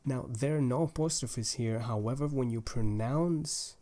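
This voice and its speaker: A young man with a mellow, darker tone teaches a language lesson. He explains grammar rules patiently and methodically, one step at a time, sometimes restarting a phrase as he goes. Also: mid-range voice, moderate pace, few pauses, faint music behind.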